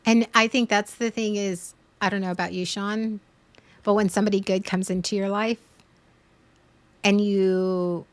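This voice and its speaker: A woman's voice: mid-range voice, no room sound. A woman in her thirties, streaming and talking earnestly and openly, a parent speaking in a vulnerable way about fear. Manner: earnest, vulnerable, tearful at times. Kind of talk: emotional casual chat.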